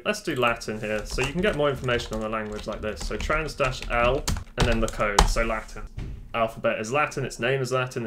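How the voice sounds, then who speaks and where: A man's voice: mid-range voice, noisy background. A man hosting a casual command-line tutorial, talking offhandedly with joking asides into a desk microphone. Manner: chatty, offhand, self-deprecating asides. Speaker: tech tutorial host. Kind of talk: casual screen-recorded tutorial.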